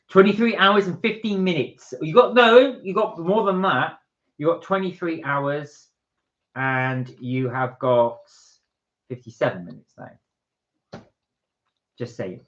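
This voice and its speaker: A man's voice: medium pitch, lively intonation, unhurried, long pauses, a bit bright. A man co-hosting a live stream, chatting casually and reading out viewer comments with jokes. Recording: dull lo-fi stream audio.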